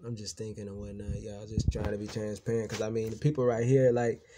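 A man's voice: fairly low pitch, flat delivery, a little fast, very noisy. A man venting in a rambling, profane monologue to his viewers, repeating himself and growing heated and emphatic. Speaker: vlogger.

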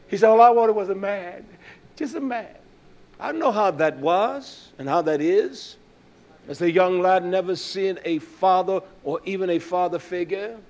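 A man preaching a sermon in a fiery, scolding style that drops to a quiet, storytelling voice. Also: high-pitched.

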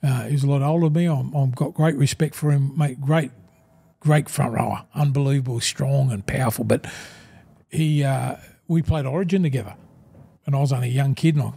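A man's voice: medium pitch, fairly even intonation, a little fast, vocal fry, mellow, slightly rough. An Australian man in his sixties, a podcast guest telling rambling, blokey stories and calling everyone "mate". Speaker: guest, former rugby league forward. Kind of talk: casual storytelling in a podcast interview.

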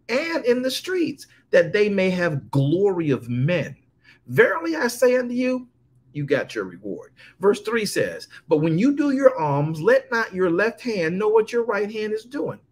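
A man preaching a sermon, reading scripture slowly and calling out to his congregation. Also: sits high. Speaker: pastor.

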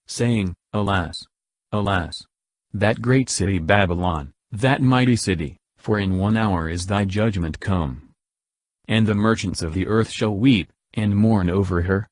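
A man reading Bible scripture aloud in a slow, measured recitation. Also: lowish voice, darkish tone, dry recording. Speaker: scripture reader.

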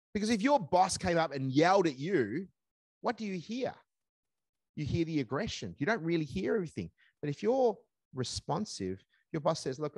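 A man's voice: medium pitch, dry recording. Emphatic man leading a seminar. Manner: emphatic, repeats key phrases and slips into acted parent and boss voices. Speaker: seminar presenter on parenting. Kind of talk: live seminar talk to parents.

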